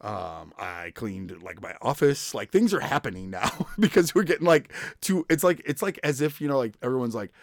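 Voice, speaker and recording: A man's voice: mid-range voice, animated, normal speed, vocal fry, hardly any pauses, no room sound, clean studio sound. A man in his thirties hosting a podcast, telling stories in casual chat, laughing often and acting out quoted voices. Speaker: podcast host.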